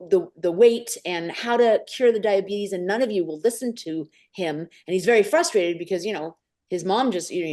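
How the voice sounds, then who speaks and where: Guest storyteller, woman, lively delivery, somewhat low voice, acts out quoted voices. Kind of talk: storytelling in a podcast interview.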